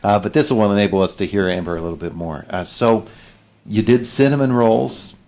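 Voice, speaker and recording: A man's voice: fairly low pitch, a little fast, a little mellow. A man hosting a morning radio interview in a studio, chatty and encouraging, with folksy asides. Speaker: radio morning show host. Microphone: studio microphone.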